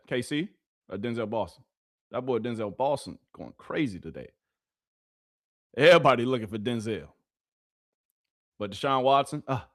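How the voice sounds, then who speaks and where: A man's voice: mid-range voice, no room sound. Male live-stream host, chatty and repetitive, dry close sound. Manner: animated, repeats phrases, talks to chat. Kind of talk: casual live-stream commentary.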